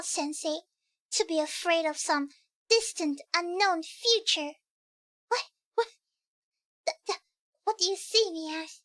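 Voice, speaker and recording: A woman's voice: extremely high pitch, bright, forceful tone, no echo, clean studio sound, exaggerated voice. A woman voicing a mischievous, bratty teenage schoolgirl who teases and whines in a giggly way. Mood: pouting. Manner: teasing, whiny, giggly. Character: mischievous bratty teen schoolgirl, cheeky and carefree. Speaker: streamer reading game dialogue. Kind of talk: voicing game story dialogue. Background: background music.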